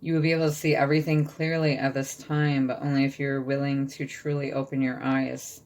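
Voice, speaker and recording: A woman's voice: very deep voice, flat delivery, brisk, a little mellow. A woman giving a channeled tarot reading, reading card texts aloud and checking in with her listeners. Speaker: tarot reader.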